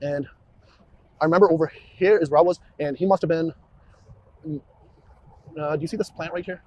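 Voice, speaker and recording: A man, a police officer, walking investigators through events in a halting way, often repeating words and restarting. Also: a little high, a little mellow, muffled recording. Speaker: police officer questioned about a shooting. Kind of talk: recorded interview walkthrough.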